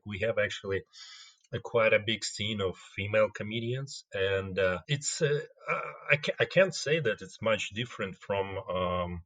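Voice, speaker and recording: A man with a Russian accent, a guest comedian in a casual interview, speaking in a measured way as he searches for words. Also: fairly low pitch, fairly bright tone.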